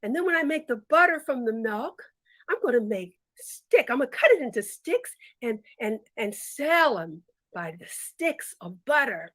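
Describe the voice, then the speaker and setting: A woman's voice: a little high, sing-song, moderate pace, fairly bright tone. A woman storyteller voicing a vain, daydreaming young milkmaid girl who talks in a giddy, boastful sing-song.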